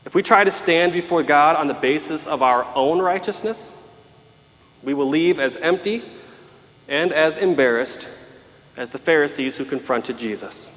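A man's voice: a little high, normal speed, fairly bright tone. A man preaching a sermon, emphatic and dramatic, acting out pleas as he goes. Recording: long hall reverb.

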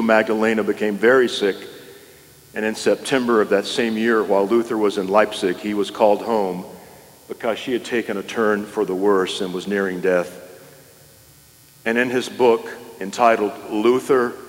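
A man preaching a sermon, earnest and measured, with solemn pauses. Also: fairly low pitch, long reverb tail. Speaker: pastor.

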